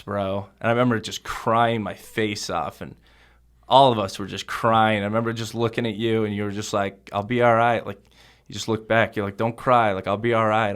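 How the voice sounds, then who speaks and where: A young man speaks as a podcast guest in a fairly low voice. He tells his memories haltingly, and his sentences are padded with casual fillers. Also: a bit bright. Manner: halting, heavy with fillers like "you know" and "bro". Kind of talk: conversational podcast interview.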